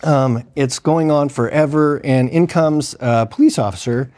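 A man's voice: medium pitch, unhurried, darkish tone. A man with an ordinary mid-range voice recounts a shift in emergency medicine. He talks loosely and conversationally, with plenty of fillers, and slips into the voices of the people in his story. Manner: conversational, acts out quoted dialogue, frequent fillers. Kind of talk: casual spoken storytelling.

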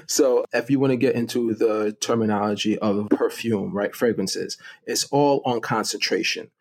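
A man's voice: on the low side, unhurried. A middle-aged man, a guest on an interview show, explaining with enthusiasm and laughing often. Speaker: guest fragrance connoisseur. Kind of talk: casual interview.

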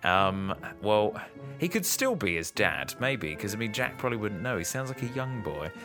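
A man's voice: fairly low pitch, sing-song, normal speed, a bit bright, soft background music. A man co-hosting a casual podcast, joking and guessing at plot twists. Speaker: podcast co-host. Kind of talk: casual chat.

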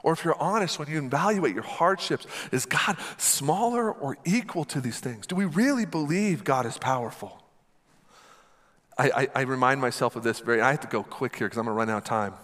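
A man's voice: medium pitch, animated, fairly quick, fairly bright tone. A man delivering an emphatic sermon as pastor, repeating lines and asking the congregation to answer back. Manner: emphatic, repetitive, call-and-response.

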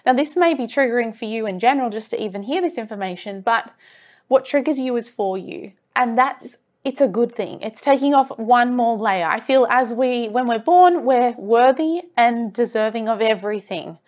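A woman's voice: fairly high pitch, moderate pace, darkish tone. A woman talking earnestly as a self-development coach, encouraging the listener and repeating phrases for emphasis. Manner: earnest, encouraging, with rhetorical repetition. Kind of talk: motivational monologue.

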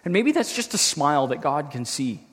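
A man preaching a sermon as a pastor, earnest and reflective, slowing down to read scripture aloud. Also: on the high side, sing-song, fairly bright tone, slightly rough, long reverb tail. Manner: earnest, reflective, slows down when reading scripture.

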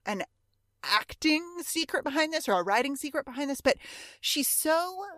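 Female podcast co-host, higher-pitched, excitable and gushing, dry close-mic sound. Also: moderate pace, no echo. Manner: gushing, excitable, acts out quotes. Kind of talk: casual chat. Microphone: studio microphone.

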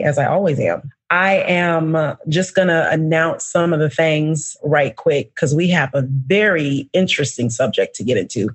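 A woman hosting a podcast in a lively, playful, slangy way, with her voice swinging high for emphasis. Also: breathy edge. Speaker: podcast host. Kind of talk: casual podcast chat.

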